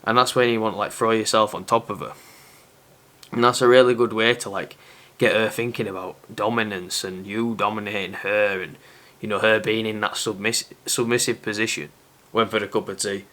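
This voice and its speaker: A man's voice: on the low side, steady tone, normal speed, sharp tone. A young man talking casually to camera as a dating advice presenter, candid and self-aware.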